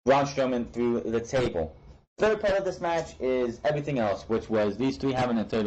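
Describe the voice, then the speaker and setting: A man's voice: medium pitch, a little mellow, low-quality recording. A young man recapping wrestling shows in a casual, opinionated way, blunt and ranting, with frequent restarts and casual swearing. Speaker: wrestling show reviewer.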